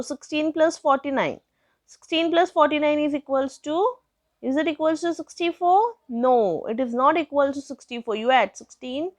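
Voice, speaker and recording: A woman's voice: high voice, no room sound, clean studio sound. A young woman teaching a maths lesson step by step, asking questions and answering them herself. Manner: patient, asks questions then answers them.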